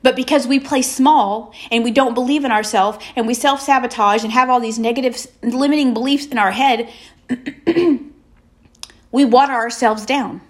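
Woman, motivational faith talk, emphatic and repetitive, slightly high voice, deliberate pauses. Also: steady tone. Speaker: motivational speaker.

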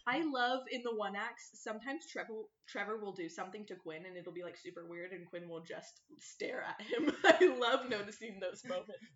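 A woman's voice: mid-range voice, moderate pace, hardly any pauses. A young woman, a theater student, chatting casually as a podcast guest and explaining at length with many fillers. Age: young adult. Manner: friendly, rambling explainer with fillers. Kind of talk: casual chat. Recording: roomy, dull lo-fi sound.

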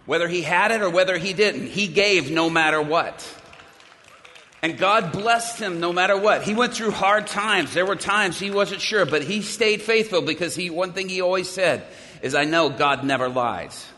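Male preacher, fairly high bright voice, dramatic storyteller, dips to hushed tones; echoey church hall. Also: normal speed. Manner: dramatic, drops to a hushed near-whisper at emotional points. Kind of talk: sermon storytelling.

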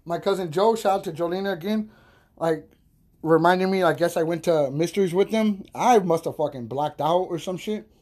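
A podcast host spins a rowdy tale in a loose, profane, laughing monologue. His voice sits high for a man. The tone is soft and mellow, never sharp. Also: normal speed. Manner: animated, profane, laughing storyteller. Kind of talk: casual storytelling monologue.

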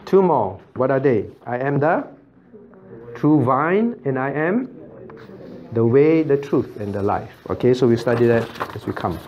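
A pastor leads a Bible study class, firing questions at his listeners and checking they follow with a quick "right?" He chuckles often as he explains. The recording is muffled and lo-fi. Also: medium pitch, expressive. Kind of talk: interactive Bible study teaching.

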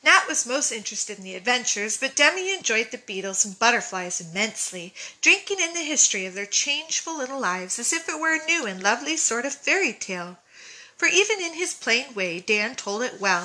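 A woman reading a classic novel aloud, who pauses now and then to comment on the text. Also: on the high side, sing-song, pushed and bright, low-quality recording. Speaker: audiobook reader.

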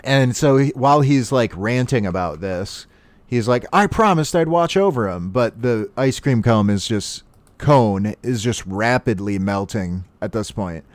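A man chatting casually as a podcast co-host, recapping a cartoon episode and acting out the characters' lines in quick voices. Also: fairly low pitch, darkish tone, no echo.

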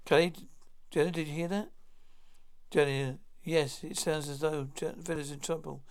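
Man, gravelly, slightly high voice, reads a script aloud, names each speaker first. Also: steady tone, normal speed. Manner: announces each speaker's name before the line. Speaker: narrator reading all parts. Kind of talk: plain read-through of a script.

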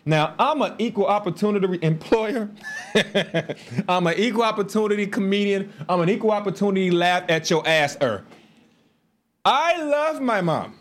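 A man's voice: high voice, normal speed. A man, telling stories casually on a livestream with laughs and asides. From Chicago. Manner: animated storytelling with laughs and asides. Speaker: livestream host.

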